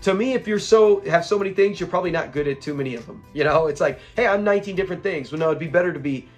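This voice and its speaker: High-voiced man, laughing episode review. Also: rapid-fire, faint music behind. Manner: excitable, laughs often, quotes characters in retelling. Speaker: show reviewer. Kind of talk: casual episode breakdown.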